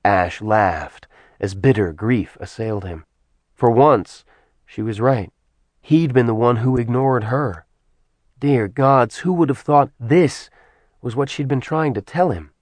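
A man reading a dramatic fantasy audiobook aloud in steady, dramatic storytelling narration. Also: medium pitch, takes it slowly, no echo. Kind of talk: scripted narration.

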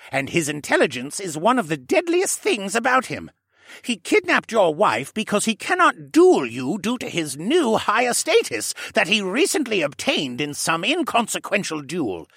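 A man voicing a formal, cautious old male koala archivist who speaks in a precise, placating way in a raised, husky voice. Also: high-pitched, a bit bright, no room sound, clean studio sound, pitched above the performer's own voice, heavily acted.

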